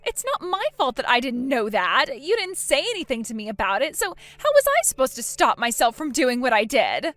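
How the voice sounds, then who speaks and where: A woman's voice: sits high, big pitch swings, fairly quick, few pauses, fairly bright tone, no echo. A woman voicing a spiteful, bratty young sister-in-law in a text-message drama, with a mocking, whiny delivery. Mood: pleading. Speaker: voice actor.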